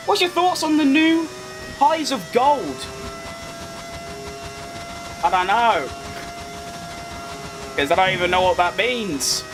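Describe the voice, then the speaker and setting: Over music, a young Londoner streams a racing game, very animated yet slow, with long pauses in his high-pitched voice. He's an English gaming streamer whose London accent has a posh tinge, answering chat with rambling asides.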